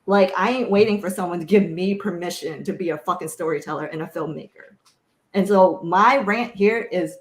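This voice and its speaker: A woman filmmaker on a panel delivers an impassioned rant in a lowish voice at a moderate pace. She is blunt and sassy, swearing heavily, and the room she's in is echoey.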